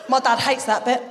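A woman performing a live stand-up comedy set on a theatre stage, telling stories with lively voices for the people she quotes. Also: very high voice, very noisy. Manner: animated storytelling with lively voices for quoted family.

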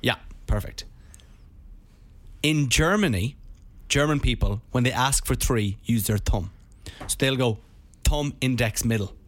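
A man co-hosting a podcast in casual chat, telling a story in a rambling, animated way. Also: mid-range voice, unhurried. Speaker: podcast co-host.

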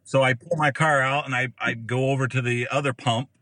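A man's voice: mid-range voice, fairly even intonation, brisk, bright, forceful tone, no echo, rough recording. An American man from Ohio, a podcast guest, telling a story casually and acting out the people in it with big jumps in his voice. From Ohio, USA.

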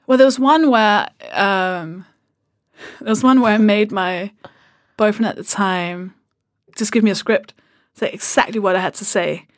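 Woman, comedian guest, lively storytelling, swears casually, dry close sound. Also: medium pitch, measured pace, no room sound. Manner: lively, laughing anecdotes with swearing.

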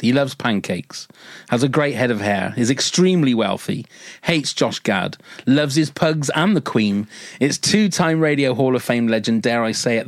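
A man's voice: mid-range voice, no room sound. A man hosting a podcast, teasing his guest with upbeat banter. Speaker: podcast host. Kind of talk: casual podcast chat.

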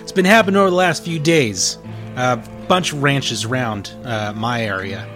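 A man voicing a high-strung, blustering cattle rancher with a put-on western rural drawl, swearing and stumbling over his words. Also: moderate pace, over music, close to an everyday voice. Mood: grumbling.

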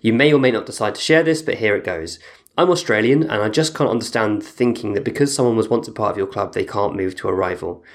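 Lowish-voiced man reading listener emails. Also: fast. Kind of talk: casual podcast chat.

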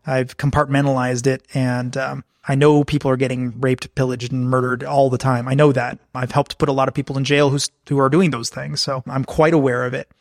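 A frank man telling stories as a podcast guest, slipping into the voices of the people he quotes. His pitch sits mid-range, and the sound is dry and close, with no room around it. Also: flat delivery, brisk, few pauses, no echo. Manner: frank, anecdotal, acts out quoted exchanges. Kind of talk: candid conversational storytelling.

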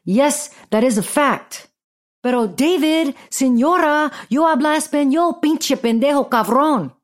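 A woman's voice: on the high side, a little mellow. Blunt, profane woman ranting on a podcast. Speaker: podcast host. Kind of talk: casual storytelling rant.

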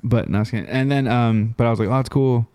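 A young man co-hosts a casual podcast, chatting in a loose, rambling way. His voice is warm and smooth. The sound is dry and close. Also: medium pitch, fairly even intonation, quick pace, no echo. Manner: laid-back, rambling with restarts. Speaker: podcast co-host. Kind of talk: casual chat.

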